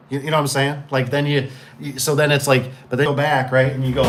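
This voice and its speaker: A man's voice: medium pitch, level tone, fast, a bit bright. A middle-aged man who owns a garage door business, talking casually and rambling as he acts out customers. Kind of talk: casual shop talk.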